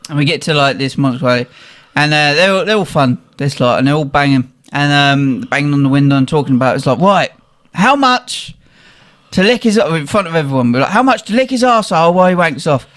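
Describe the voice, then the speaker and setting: Man, podcast co-host, lively swooping voice, slightly high, laughing storyteller. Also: fairly quick. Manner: animated, laughing, acts out quotes. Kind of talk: casual storytelling chat.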